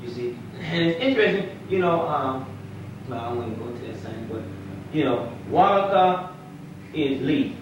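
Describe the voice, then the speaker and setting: Man, imam, classroom lecture, fairly high voice, distant echoey room, muffled old tape. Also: lively intonation, a little slow, noisy background. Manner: conversational, quizzes the class with questions. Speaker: imam teaching Arabic. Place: mosque classroom.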